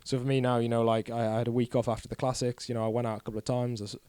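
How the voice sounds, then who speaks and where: A man in his 20s, a cyclist appearing as a podcast guest, talks in a casual chat with a mid-range, mellow, clean voice and flat delivery. He races along, candid and rambling, poking fun at himself, and the recording has no room sound.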